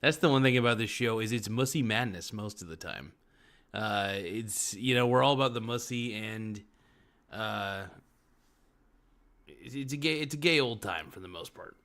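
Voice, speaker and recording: A man's voice: lowish voice, normal speed, a bit bright. Joking male livestream host, off the cuff. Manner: joking, off-the-cuff, laughs often. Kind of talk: casual live-stream chat reading comments.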